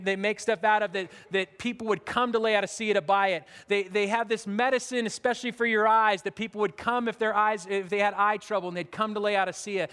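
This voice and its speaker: A high-pitched man preaches a sermon in plain, everyday words. He circles back on his phrases and restarts often. His voice rings out with the long reverb of a large hall. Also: a bit bright, clear, resonant tone. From United States. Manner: casual, repetitive preaching with restarts. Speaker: pastor.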